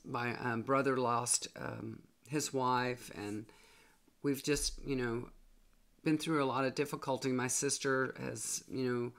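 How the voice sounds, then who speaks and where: A hoarse older woman with a drawl talks casually to her followers. She rambles in a folksy way, full of fillers and restarts. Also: extremely low pitch. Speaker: tarot reader. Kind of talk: casual chat to viewers.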